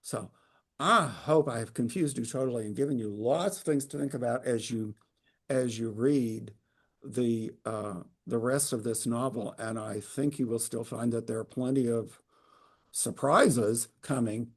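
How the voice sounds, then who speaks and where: Male book club leader, gravelly voice, halting and wry, over a video call. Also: medium pitch. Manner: hesitant, many fillers and restarts, wry humor. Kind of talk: informal literary talk.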